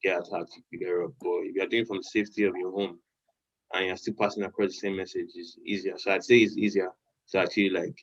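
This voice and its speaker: A man musician answering an interview question in a calm, matter-of-fact way. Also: low-pitched, quick pace, husky, lo-fi sound. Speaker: musician guest.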